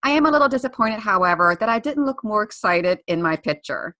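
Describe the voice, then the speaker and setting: Bright-voiced woman reading her blog. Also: medium pitch, lively intonation, fairly quick. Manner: chatty, self-mocking. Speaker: podcast co-host. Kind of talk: reading her own blog post aloud.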